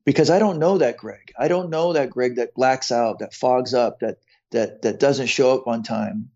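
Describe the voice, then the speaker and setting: Gravelly guy in his 50s telling his story on a podcast, earnest, repeats himself, kinda dull lo-fi sound. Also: medium pitch, normal speed, dark tone. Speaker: podcast guest. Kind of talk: personal storytelling in conversation.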